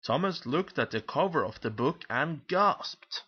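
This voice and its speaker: A man narrating a children's picture book aloud in a lively, expressive storytelling manner. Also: medium pitch, normal speed, breathy edge, muffled recording.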